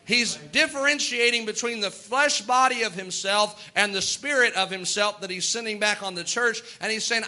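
A man preaching a sermon as pastor, earnest, with quick asides and little laughs. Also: high-pitched, bright, forceful tone.

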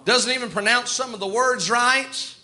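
A man voicing a proud, self-important high priest who complains about a rival. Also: normal speed, pushed and bright, full character voice. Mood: resentful. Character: proud middle-aged male high priest, scornful.

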